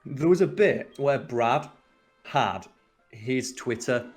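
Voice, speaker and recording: Let's play co-host: man, middle pitch, sweary exasperated banter, faint game music underneath. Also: lively intonation, takes it slowly, darkish tone. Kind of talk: casual gameplay commentary.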